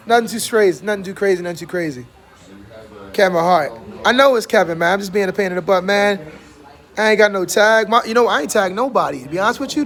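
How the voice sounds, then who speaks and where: A man's voice: high voice, fairly bright tone. A man hosting a casual talk show in a barbershop, teasing his guests and laughing often. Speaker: host. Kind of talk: casual chat.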